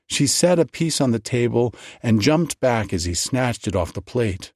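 A man narrating a storybook tale in an unhurried, expressive reading. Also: on the low side, dry recording, studio quality.

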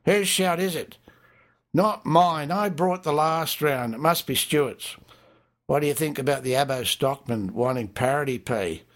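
A man with an Australian accent voicing rowdy working men bantering in a pub, in a raised, loud manner. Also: on the high side, measured pace, pitched above the performer's own voice, natural voice.

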